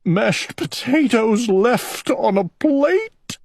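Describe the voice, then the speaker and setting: A man voicing a fretful, gentle male owl in a storybook reading, talking in an anxious, earnest, childlike way. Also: a little high, sing-song, slow pace, husky, no echo, voice pushed up, exaggerated voice. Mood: sobbing.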